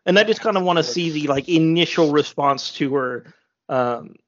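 A game master running a tabletop game, relaxed, often laughing and full of filler words. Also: medium pitch, normal speed. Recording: slightly dull lo-fi audio.

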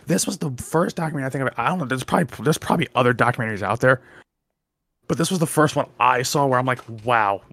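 A man's voice: mid-range voice, fairly bright tone, no room sound. A young man co-hosting a casual podcast chat, rambling and restarting his sentences often. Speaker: podcast co-host.

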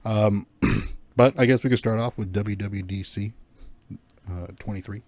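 A man's voice: lowish voice, fairly even intonation, unhurried, darkish tone. A young man hosting a casual podcast, rambling loosely with lots of fillers and swearing. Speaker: podcast host. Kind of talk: casual chat.

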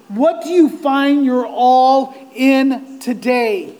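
Man preaching, real high voice, slow and drawn out, gets fired up. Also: poor audio. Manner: impassioned, swells to near-shouts on quoted cries. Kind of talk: sermon.

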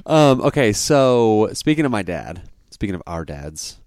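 A man in his thirties, a podcast co-host chatting casually and telling an animated story, often laughing. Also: on the low side, unhurried, no echo, clean studio sound. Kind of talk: casual chat.

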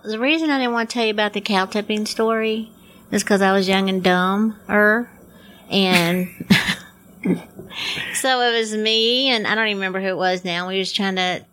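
A woman chatting casually on a podcast, folksy, expressive and easily spooked. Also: mid-range voice, normal speed, poor audio. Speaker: podcast co-host. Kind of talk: casual chat.

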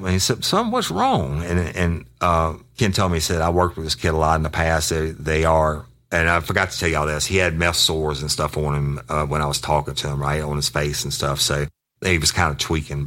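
A man's voice: rumbling low, little pitch movement, fairly quick, fairly bright tone. A man, a podcast host and former detective, telling a story casually with plenty of profanity and acted-out quotes.

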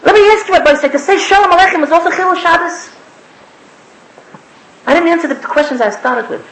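A woman's voice: extremely high pitch, animated, brisk, a bit bright. A woman giving a spoken sermon, emphatic and repetitive, asking the listeners rhetorical questions. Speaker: speaker giving a religious talk. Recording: echoey room.

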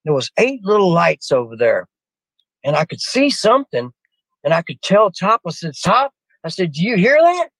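A man's voice: a little high, very animated, normal speed, gravelly, a bit bright, no room sound, poor audio. An older man telling a personal story to a host in a rambling way. He often restarts his sentences and keeps turning to the host by name. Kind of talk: rambling spoken anecdote.

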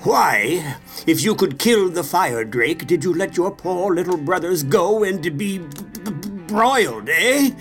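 A man's voice: sits high, expressive, takes it slowly, fairly bright tone, heavily acted. An actor playing a blustering, angry old king and father, scolding his son in a pompous, sputtering voice over faint music. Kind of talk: audio drama acting.

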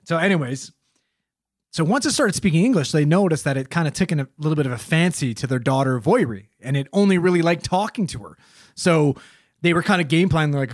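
A man's voice: on the high side, lively intonation, a little fast, no room sound, studio quality. A man casually telling a story on a podcast, swearing a lot in a loose, joking way.

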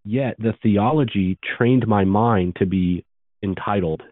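Guy in his 30s with a really low voice telling his story fast and earnest, sounds like a dry tinny phone line. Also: no room sound. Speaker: podcast guest. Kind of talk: storytelling interview.

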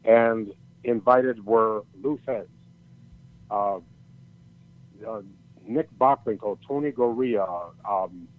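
A man's voice: lowish voice, slow pace, pauses often. An older man telling a long, rambling story in casual chat, swearing freely and often restarting his sentences. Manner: rambling, profane, many restarts. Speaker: storyteller guest. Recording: tinny phone-like audio.

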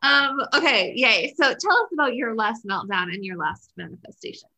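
A woman's voice: on the high side, expressive, normal speed, bright, forceful tone, poor audio. A woman hosting a casual podcast chat, bubbly and enthusiastic. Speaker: podcast host.

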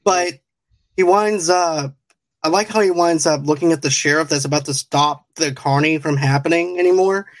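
A man's voice: fairly high pitch, normal speed, no room sound. A man with a slightly raised voice talks through a film on a podcast. He sets out his points one by one. The recording is dry and close. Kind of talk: casual film discussion.

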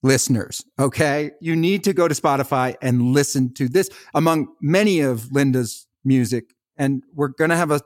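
A male podcast host talks eagerly and playfully to his guest. His voice is mid-pitched and recorded close and dry, with no room echo. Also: normal speed, hardly any pauses. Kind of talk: casual interview chat.

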